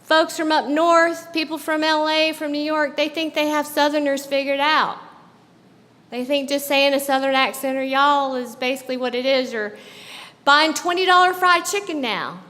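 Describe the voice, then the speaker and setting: Woman from the south, high voice, chatty stage talk w/ lots of "right?", live venue echo hanging in the room. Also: steady tone, normal speed, pushed and bright. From American South. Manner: conversational, asks the audience with tag questions. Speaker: guest speaker. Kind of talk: personal storytelling talk on stage. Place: live show at a club venue.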